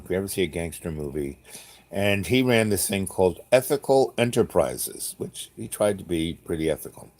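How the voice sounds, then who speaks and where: A man with a fairly low voice tells a story in a casual way. He wanders off on tangents and restarts his sentences often. He keeps dropping in dry, jokey asides. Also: vocal fry, darkish tone. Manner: rambling, full of fillers and restarts, jokey asides.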